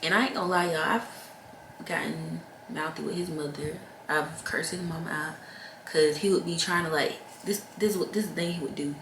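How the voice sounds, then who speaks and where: Young woman vlogger, low voice, frank and weary, talking to camera in an echoey room. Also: a little fast, fairly bright tone, slight background noise. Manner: frank, heavy-hearted, addresses viewers directly. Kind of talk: candid personal storytelling to camera. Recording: roomy echo with faint ambience.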